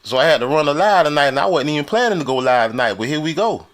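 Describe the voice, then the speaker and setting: Guy from florida arguing on a live stream, pitched high, boastful and repetitive. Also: expressive, quick pace. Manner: boastful, repetitive, laughing challenges. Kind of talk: heated live-stream debate.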